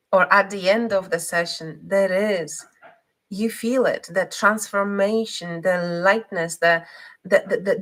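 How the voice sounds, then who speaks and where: A woman giving a live spiritual card reading, speaking haltingly with many pauses, fillers and restarts. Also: mid-range voice, fairly bright tone, poor audio.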